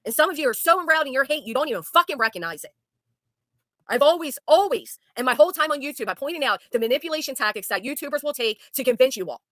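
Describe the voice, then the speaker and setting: A woman's voice: high voice, lively intonation, fast talker, a bit bright, no room sound, studio quality. A woman hosting a talk show, speaking in an angry, sarcastic, profane rant to her guest. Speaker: YouTube commentary host. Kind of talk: heated casual talk with a guest.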